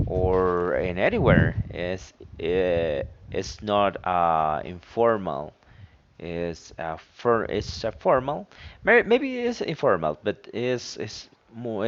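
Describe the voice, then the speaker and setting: A man learning English who talks casually about a podcast, halting and searching for his words in a second language. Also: sits low, muffled recording, slight background noise. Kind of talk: casual spoken diary.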